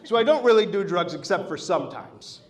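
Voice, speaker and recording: A man's voice: sits high, lively intonation, brisk. A man headlining a live stand-up comedy set, telling loose, profane stories into a stage mic. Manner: loose, profane, storytelling delivery. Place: live comedy show at an art venue. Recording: echoey room.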